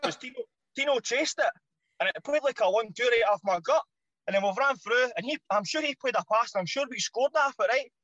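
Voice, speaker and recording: Fast-talking bright Scottish man. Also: extremely high pitch, dry recording, dull audio. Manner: animated, swears freely, slangy. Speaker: podcast guest, former footballer. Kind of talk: casual anecdote telling.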